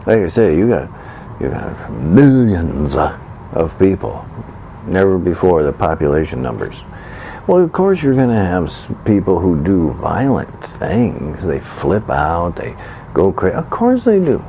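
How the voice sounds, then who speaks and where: A man's voice: low-pitched, wildly swooping pitch, a little slow, vocal fry, warm tone, slight background noise. Indignant sarcastic man ranting. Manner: indignant, sarcastic, mocks opponents with exaggerated sighs and gasps; repeats phrases for emphasis, loose and conversational. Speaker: commentator. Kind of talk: political opinion rant monologue.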